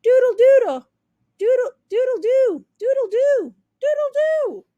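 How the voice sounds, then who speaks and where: A woman voicing an insecure young female turkey who pleads and complains in a high squeaky voice. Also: lively intonation, slow, a little mellow, dry recording, highs cut off, full character voice. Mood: overjoyed.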